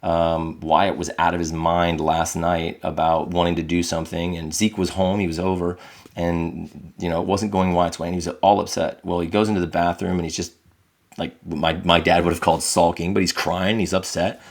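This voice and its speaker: Deep-voiced man sharing parenting stories earnestly. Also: flat delivery, moderate pace. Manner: earnest, reflective, acts out quotes in a raised voice. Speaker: podcast guest. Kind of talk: candid conversational storytelling.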